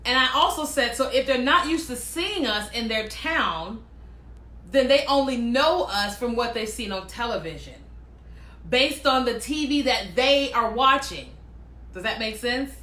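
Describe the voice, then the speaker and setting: A woman chatting casually and telling personal stories, animated and quick to act out what other people said. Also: on the high side, echoey room. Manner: animated, acts out quoted voices, laughs often. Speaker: speaker sharing personal stories. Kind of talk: casual storytelling monologue.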